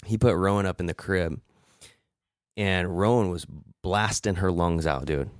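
Man, very low voice, animated storyteller, profane, casual podcast chat, dry close sound. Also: unhurried, dry recording. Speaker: podcast co-host.

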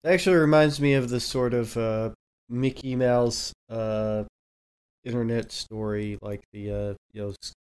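A man with a smooth, resonant voice at a middle pitch, chatting casually on a podcast. He hesitates often and fills the gaps with small fillers. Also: steady tone, a little slow, a little mellow. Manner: hesitant, full of uh and you know. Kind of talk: casual chat.

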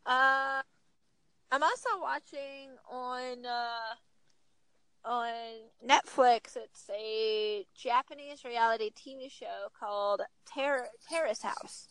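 A woman in her thirties talking casually as a podcast guest, telling stories with lively acted-out quotes. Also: on the high side, slow, smooth, no room sound, rough recording. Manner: animated storyteller, acts out quotes. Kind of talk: casual chat.

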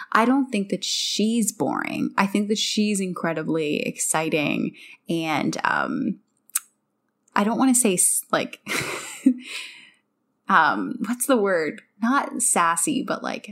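Rambling, chatty woman discussing a book. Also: medium pitch. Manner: chatty, searching for words with many fillers. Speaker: book club podcast co-host.

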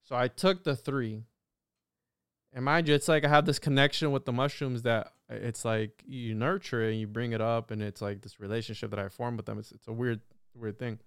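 A young man telling a long story in a casual podcast chat, animated and full of swearing and restarts. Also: mid-range voice, smooth, no room sound, studio quality. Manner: animated, heavy swearing, quick repeated restarts. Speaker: podcast guest.

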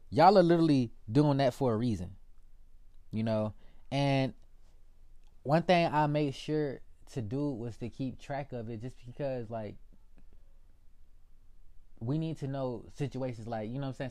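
A man's voice: medium pitch, warm tone. A young man ranting casually to his viewers, profane and rambling, calling them y'all. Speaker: political vlogger.

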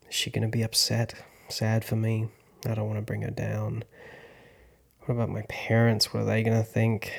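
A man in his thirties, an actor hosting a podcast, telling a personal story in a slow, reflective, hushed way. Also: on the low side, gravelly, slightly rough. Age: 30s. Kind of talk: first-person storytelling narration.

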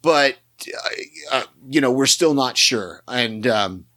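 A podcast co-host with a medium-pitched, expressive voice, pushed and bright, takes his time chatting casually about a TV episode. He rambles, restarting sentences often and filling gaps with fillers.

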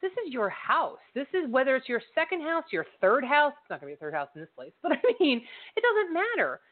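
A woman's voice: high-pitched, big pitch swings, fast talker. Chatty woman cohost, swears a lot, bouncy voice, sounds like a phone line. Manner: chatty, swears freely, many fillers and restarts. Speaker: co-host. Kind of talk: casual political chat.

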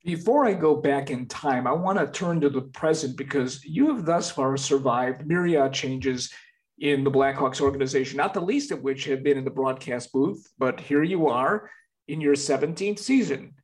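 Podcast host asking from off-mic. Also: male voice, mid-range voice, moderate pace, far from the mic.

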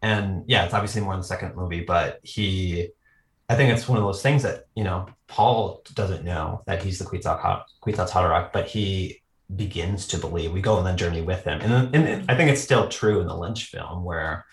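A man's voice: deep voice, moderate pace. A man chatting casually about films on a podcast, rambling with lots of fillers and frequent laughs. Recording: roomy echo.

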